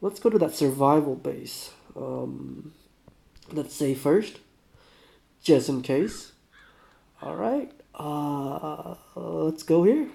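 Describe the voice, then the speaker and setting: A man with a fairly high, mellow voice reads a survival game's story text aloud in a plain, steady way. Between passages he drops in casual comments and small fillers as he plays. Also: drawn-out words, creaky, pauses often. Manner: plain reading with casual asides. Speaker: game walkthrough YouTuber.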